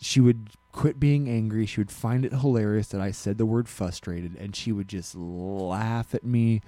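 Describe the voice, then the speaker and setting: A man talks loosely on a podcast, circling back and correcting himself as he tells a story. His voice sits low and mellow. The sound is dry and close. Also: moderate pace, no echo. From Alaska. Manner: rambling, self-correcting storyteller. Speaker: podcast co-host. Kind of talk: casual chat.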